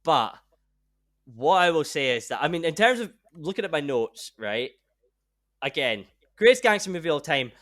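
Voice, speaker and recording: Rambling, excitable man, fairly high. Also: normal speed. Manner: rambling, excitable, swears freely. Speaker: podcast host. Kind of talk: casual chat.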